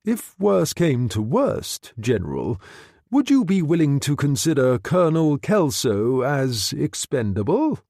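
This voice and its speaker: A man's voice: on the high side, very animated, measured pace, vocal fry, dark tone, no room sound, studio quality, pitched above the performer's own voice, heavily acted. A man reading a novel aloud, voicing a cautious brigadier who speaks carefully and deferentially. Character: cautious brigadier, intelligence chief.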